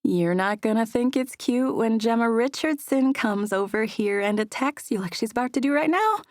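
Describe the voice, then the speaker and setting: A playful young barmaid, voiced by a woman narrator, teasing and quick. Her voice sits a touch above the narrator's own. The recording is dry and close. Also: on the high side, expressive, no room sound, pitched above the performer's own voice, lightly acted. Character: teasing young woman working behind a bar.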